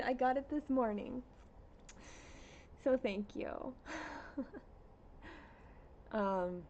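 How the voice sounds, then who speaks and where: A woman hosting a casual cross-stitch livestream at home, chatting with viewers and reading out their comments in an unhurried way with plenty of fillers. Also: on the high side, muffled recording.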